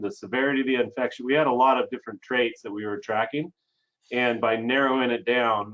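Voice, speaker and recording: Easygoing guy rambling about his ranch work on a video call, lots of ums, kinda dull lo-fi sound. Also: mid-range voice. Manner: relaxed, rambling, with many fillers. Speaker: sheep ranch panelist. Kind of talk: casual panel talk. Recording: muffled video call audio.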